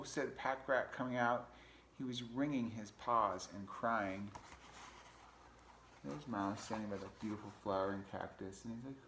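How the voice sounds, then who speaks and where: A man reading a picture book aloud to children, relaxed and chatty, pausing to talk about the pictures. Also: lowish voice, a little hiss or hum. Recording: echoey room.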